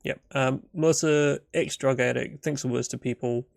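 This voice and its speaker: Gravelly-voiced guy rambling through a solo tabletop session, dry close sound. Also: mid-range voice, fairly even intonation, normal speed, dry recording. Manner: rambling, full of fillers. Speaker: game master. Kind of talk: solo tabletop game narration.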